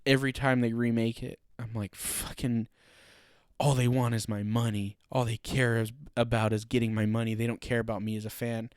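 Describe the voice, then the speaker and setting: Young guy podcast host going off on a profane rant, mid pitch, dry close sound. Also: normal speed, smooth, no room sound. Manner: profane, animated ranting with laughing asides.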